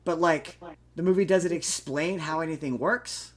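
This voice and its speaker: A young man on a podcast talks through a film's plot in a rambling, casual way. He stops and restarts often and leans on fillers. His voice sits a little high. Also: moderate pace. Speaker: podcast co-host. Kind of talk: casual movie chat.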